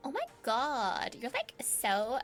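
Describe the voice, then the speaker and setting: A woman's voice: fairly high pitch, big pitch swings, slow pace, loud music behind the voice. A woman voicing a vain, bratty valley-girl robot chicken woman in a cartoon, with a sing-song drawl. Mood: snooty. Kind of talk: animated cartoon voice acting.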